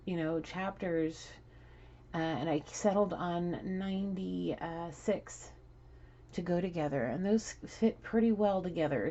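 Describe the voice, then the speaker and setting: A woman with a notably low voice gives a loose, chatty spiritual reading to camera from home. She rambles and laughs freely throughout. The recording is a bit muffled, with faint background hiss. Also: dark tone. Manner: giggly, rambling, laughs often. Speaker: tarot reader. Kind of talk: casual spiritual reading vlog.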